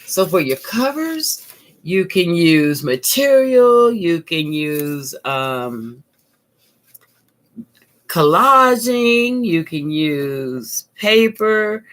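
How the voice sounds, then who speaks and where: A woman's voice: fairly low pitch, very animated, very slow, fairly bright tone. A middle-aged woman, hosting a live craft tutorial and chatting with viewers in an upbeat way as she works at her desk. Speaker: art teacher, channel host. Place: home craft desk, indoors.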